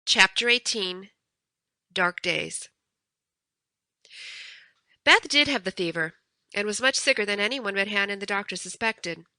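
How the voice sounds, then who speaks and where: A woman reading a classic novel aloud as an audiobook narrator, steady and clear. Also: mid-range voice, a little slow, pauses often, no room sound. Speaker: audiobook reader. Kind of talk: scripted narration.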